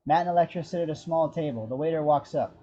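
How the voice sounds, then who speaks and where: A man narrating the action description of a screenplay in a steady, descriptive storytelling manner. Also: fairly high pitch, fast, dull audio. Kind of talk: scripted narration.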